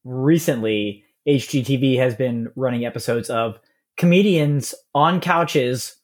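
A man co-hosting a podcast, talking in a relaxed and enthusiastic way with frequent pauses to think. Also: mid-range voice. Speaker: podcast co-host. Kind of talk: casual chat.

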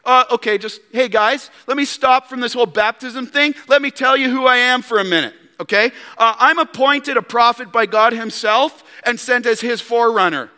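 A boastful young prophet reels off his credentials in a casual, slangy brag, as a preacher puts him on. The voice sits high and sharp, with a long church reverb behind it. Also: animated, normal speed, pauses often, smooth. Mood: bragging. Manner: smug, bragging, casual slangy asides.

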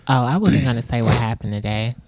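A woman co-hosting a casual podcast chat, a comedian who teases with deadpan jokes. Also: extremely low pitch, fast, no room sound.

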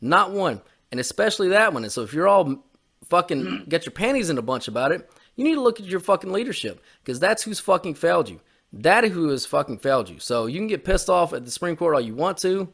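High-pitched and sing-song, with a bit of brightness, he talks briskly. As a podcast co-host, he rants heatedly about politics, profane and repetitive in his cursing.

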